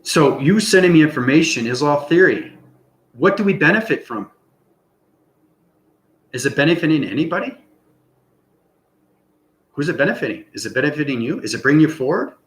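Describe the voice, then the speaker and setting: Very animated and fairly high-pitched, with a fairly bright tone, a channel host speaks at a moderate pace broken by long pauses. His spiritual monologue is unscripted and rambling, with frequent tags of "okay?", recorded in an echoey room.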